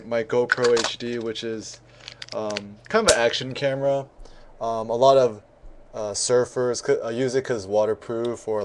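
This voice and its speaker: A man's voice: on the low side, background noise. Chatty man telling a casual story. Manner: relaxed, many ums and restarts, chatty storytelling. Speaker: photography vlogger. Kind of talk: casual rambling vlog.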